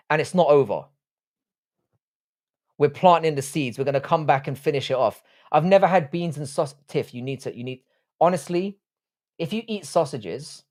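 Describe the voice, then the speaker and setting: A man hosts a live stream, reading out viewer messages and answering them off the cuff. He speaks at an ordinary middle pitch and trades crude, swear-filled insults in a joking, bantering way. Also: a little mellow. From England. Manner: profane mock-insult banter.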